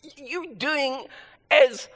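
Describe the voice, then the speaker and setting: Male pastor, high voice, emphatic sermon delivery, long hall reverb. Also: very slow, fairly bright tone. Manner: emphatic, repeats key phrases.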